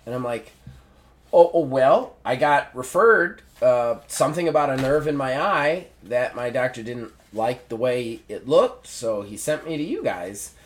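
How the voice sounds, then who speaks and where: A man's voice: medium pitch, moderate pace, few pauses. A man hosting a podcast, telling a story casually and acting out the people in it. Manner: animated storyteller acting out dialogue. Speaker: podcast host. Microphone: podcast mic.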